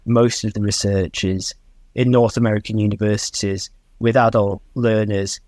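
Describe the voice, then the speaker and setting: Podcast guest: man, lowish voice, thoughtful and self-deprecating, dry close mic. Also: flat delivery, normal speed, darkish tone, no room sound. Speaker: guest, Chinese teacher. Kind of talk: podcast interview.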